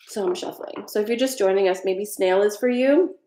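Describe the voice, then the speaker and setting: A woman's voice: medium pitch, fairly quick, mellow, reverberant, slight background noise. A woman doing a casual tarot reading on a live stream, earnest and reassuring, with some frank swearing. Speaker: tarot reader.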